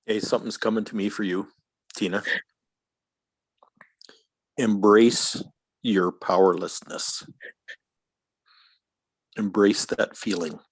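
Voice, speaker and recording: A woman in a group call slowly intoning a spiritual message to another member. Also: very deep voice, steady tone, breathy edge, dry recording, rough recording. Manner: slow, measured, intoning. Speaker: participant giving a spiritual message.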